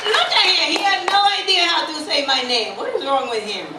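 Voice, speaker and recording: A woman's voice: high-pitched, big pitch swings, fairly quick. A woman from Florida performing live stand-up comedy. She is bubbly and teases the crowd with questions. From Florida, USA. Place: live stage venue with audience. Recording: echoey live room from far off. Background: audience laughter and room noise.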